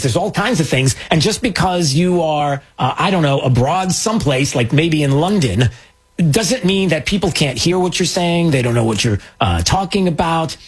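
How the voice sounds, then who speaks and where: Male host, slightly raised pitch and a husky tone, sarcastic rambling political commentary full of fillers. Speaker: talk show host.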